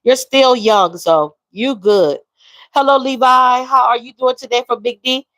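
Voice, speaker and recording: A woman's voice: a little high, measured pace, fairly bright tone, dry recording, poor audio. A woman, talking openly and emotionally while reading out viewer comments. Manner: emotional, reads viewer comments aloud, drawls. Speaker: livestream host. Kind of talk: casual live-stream chat.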